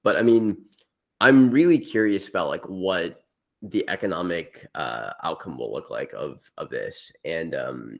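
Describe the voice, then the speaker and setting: Young male podcast guest, deep and lively in pitch, hesitant, filler-heavy delivery. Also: a little slow, creaky. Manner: musing, hesitant with many fillers. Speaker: podcast guest, real estate investor. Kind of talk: casual podcast chat.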